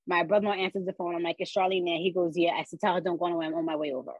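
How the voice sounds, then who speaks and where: Husky woman telling her story. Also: on the low side, very fast, no echo, poor audio. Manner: animated storyteller acting out quoted voices. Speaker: podcast guest. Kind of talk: personal storytelling.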